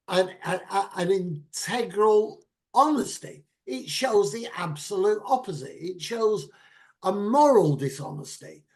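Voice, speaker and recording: A middle-aged man ranting about politics in casual chat, animated and at times shouting. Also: high-pitched.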